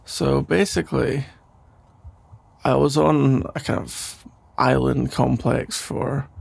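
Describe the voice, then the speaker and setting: Brief: gravelly, husky rambling boyfriend, played by a man, soft sleepy whispered role-play. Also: mid-range voice, fairly even intonation, slow pace, full character voice. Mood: teasing. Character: caring, rambling boyfriend putting partner to bed. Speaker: ASMR role-play creator.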